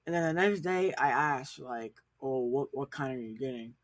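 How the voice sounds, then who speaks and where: A teenage boy chatting casually and telling a rambling story in a soft, mumbled way. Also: mid-range voice, lively intonation, normal speed, no echo. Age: teens. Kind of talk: casual chat.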